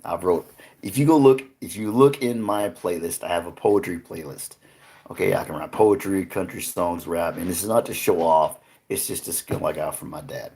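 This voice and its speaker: A man's voice: low voice, moderate pace, creaky, a little mellow. A man hosting a casual livestream, chatting loosely with viewers, swearing freely and laughing often. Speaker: livestream host. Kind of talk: casual live-stream chat with viewers.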